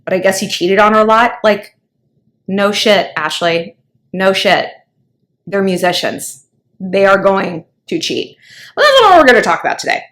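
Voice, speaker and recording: Brief: chatty female advice vlogger, gossipy and casual, mid-pitched voice. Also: very animated, moderate pace, a bit bright. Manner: gossipy, chatty, heavy use of filler likes. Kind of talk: casual vlog chat.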